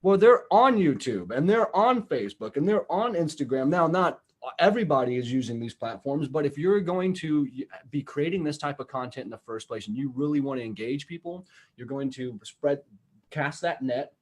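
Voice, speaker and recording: A man's voice: on the high side, animated, moderate pace, husky. A man chatting on a podcast in a loose, blunt way, full of fillers and the odd curse. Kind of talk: casual podcast chat.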